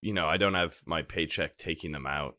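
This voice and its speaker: A man's voice: a little fast, pushed and bright. A young man co-hosting a podcast in goofy casual chat, laughing a lot. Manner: goofy, laughs a lot, swings pitch widely. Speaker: podcast co-host.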